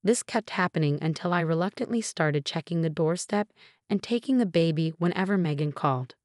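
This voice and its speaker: Woman, story narrator, matter-of-fact, somewhat low voice, dry close sound. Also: animated, a little fast, a little mellow, no echo. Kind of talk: scripted first-person story narration.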